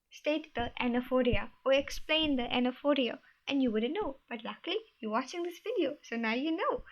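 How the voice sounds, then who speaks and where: Chatty young woman explaining poetry terms. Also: high voice. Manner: chatty, loose, repeats herself while explaining. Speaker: study video host. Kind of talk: casual explainer lesson. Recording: dull lo-fi home recording.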